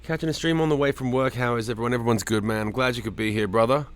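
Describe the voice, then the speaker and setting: In a mid-range voice with a steady tone, a middle-aged man fires off rapid chatter on his home livestream, reading comments aloud, naming viewers, and swearing freely.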